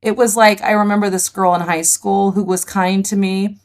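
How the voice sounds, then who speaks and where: A middle-aged woman, a podcast guest, telling vivid stories in an animated conversational way. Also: mid-range voice, moderate pace. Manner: animated, vivid storyteller, laughs easily. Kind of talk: conversational storytelling.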